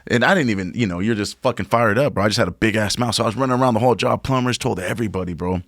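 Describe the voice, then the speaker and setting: A man's voice: fairly low pitch, rapid-fire, no echo, clean studio sound. A man on a podcast telling a long work story in a casual, profane way, saying "bro" a lot. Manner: profane, animated, says "bro" often.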